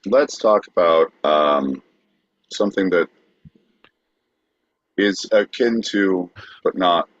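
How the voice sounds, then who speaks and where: A man's voice: low voice, takes it slowly, long pauses, no room sound, highs cut off. A man co-hosting a comedy podcast, hesitant and stumbling, joking at his own expense. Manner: hesitant, stumbling, self-mocking. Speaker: podcast co-host. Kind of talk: casual comedic banter.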